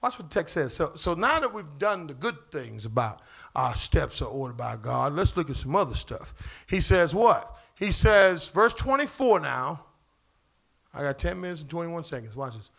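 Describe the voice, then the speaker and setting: A man's voice: sits high, sing-song, moderate pace, vocal fry, fairly bright tone. A pastor preaching a sermon in church, casual and slangy, asking the congregation questions as he goes. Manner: call-and-response preaching, asks the crowd questions.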